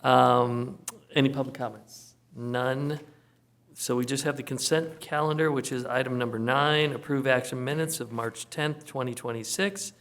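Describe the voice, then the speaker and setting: A man presides over a district board meeting, reading through agenda items briskly and with dry humor. His voice sits in the middle range. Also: mid-range voice, steady tone, fairly bright tone. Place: council chamber.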